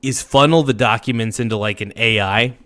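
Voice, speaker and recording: Slightly hoarse man hosting a livestream. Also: mid-range voice, brisk, sharp tone, no echo, studio quality. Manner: hypes subscribers, slangy and loose. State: slightly hoarse, losing his voice. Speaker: livestream host. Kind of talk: casual livestream chat.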